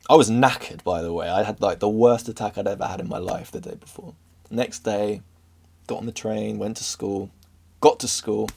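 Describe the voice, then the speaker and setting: Earnest young English man, low-ish voice. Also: steady tone, normal speed, vocal fry, darkish tone. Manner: earnest and open, stumbling over his words. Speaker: vlogger. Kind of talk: candid personal storytelling.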